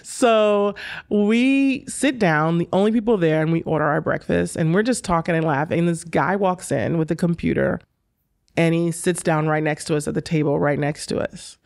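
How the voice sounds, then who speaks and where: A woman in her forties telling lively stories as an interview guest, acting out the dialogue and laughing often. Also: lowish voice, normal speed, gravelly. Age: 40s. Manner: animated, laughing, acts out quoted dialogue. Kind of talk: storytelling in a casual interview.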